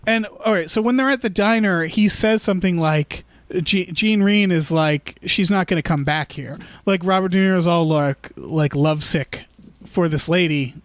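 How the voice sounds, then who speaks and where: A podcast co-host with a notably high voice talks loosely about a movie at a normal pace, stumbling into restarts and slipping into mock voices for quotes. The recording is dry and close, with no room sound at all.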